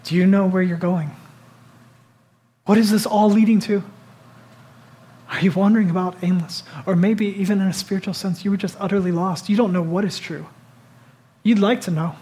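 This is a pastor preaching a sermon in an easy, conversational way. The voice keeps turning to the listeners with rhetorical questions, rising to urgent emphasis and then dropping to a hushed, intimate tone. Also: mid-range voice, steady tone, moderate pace, pauses often. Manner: swings between loud urgent lines and soft hushed ones.

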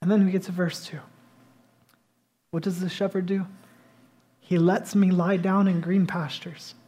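A man's voice: high voice, level tone, unhurried, warm tone. Man preaching in an easy, conversational way. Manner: conversational preaching with rising emphatic bursts. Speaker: pastor. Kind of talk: sermon.

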